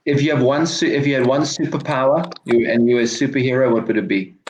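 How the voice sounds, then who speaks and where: A man interviewing a guest with quick casual questions, often starting with a hesitant filler. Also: medium pitch, darkish tone. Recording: echoey room.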